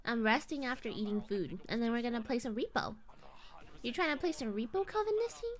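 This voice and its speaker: A woman's voice: on the high side, expressive, a little fast. A woman in her twenties, a streamer chatting casually and rambling through a story while acting out her family's lines. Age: 20s. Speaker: VTuber streamer.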